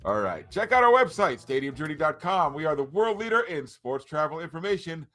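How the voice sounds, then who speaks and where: A man's voice: fairly high pitch, sing-song, fairly quick, bright, forceful tone, soft background music. A man hosting a casual podcast, upbeat as he runs through show plugs and introductions. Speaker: podcast host.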